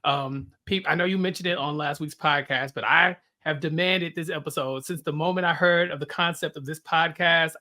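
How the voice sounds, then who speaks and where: Podcast guest, man, high and bright, enthusiastic fan energy. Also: fairly even intonation, normal speed, few pauses. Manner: gushing, enthusiastic. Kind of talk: casual podcast chat.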